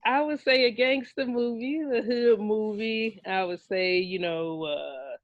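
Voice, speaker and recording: A woman's voice: medium pitch, a little slow, no echo. A woman hosting a casual movie review chat, taking her time and laughing as she corrects herself. The recording sounds a little dull and lo-fi. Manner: loose, laughing, self-correcting. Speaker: podcast co-host.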